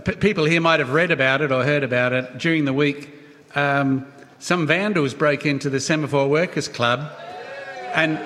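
A man's voice: a little high, steady tone, normal speed, a bit bright. A middle-aged man, a singer-songwriter bantering with the audience between songs, joking and correcting himself as he goes. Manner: jokey, rambling, self-correcting. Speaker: singer-songwriter at a live gig. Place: club venue with an audience. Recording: live hall reverb with crowd murmur.

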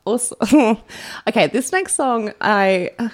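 A woman's voice: a little high, animated, slow pace. A woman hosting community radio, chatting casually with many fillers and laughs. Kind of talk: casual on-air chat.

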